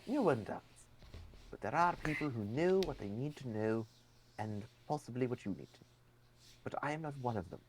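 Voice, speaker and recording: A man voicing a soft-spoken, wise fey host who talks in a slow, hushed, dignified way. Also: medium pitch, lively intonation, natural voice. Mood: gentle modest.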